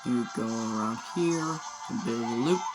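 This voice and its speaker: Guy chatting over a racing game, unsure and rambly, game music loud behind him. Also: mid-range voice, a little slow, rough recording. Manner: rambling, unsure, with mock outrage. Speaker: gaming video creator. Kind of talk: casual gameplay commentary. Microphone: phone. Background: video game music.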